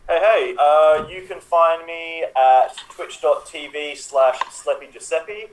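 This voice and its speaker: A man's voice: a little high, slow pace. A man who streams and plays improv, talking casually and easygoingly, on a distant mic with faint hiss. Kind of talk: casual chat.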